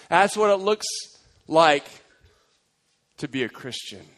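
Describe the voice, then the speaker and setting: Male pastor, high voice, lively emphatic sermon delivery. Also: slow pace, pauses often, poor audio. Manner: energetic, emphatic preaching with playful storytelling.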